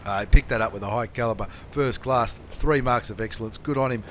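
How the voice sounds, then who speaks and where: A man hosting a game channel, commentating replays in a chatty, slangy way and bursting into excited shouts and swearing. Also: mid-range voice, fairly quick, a little hiss or hum.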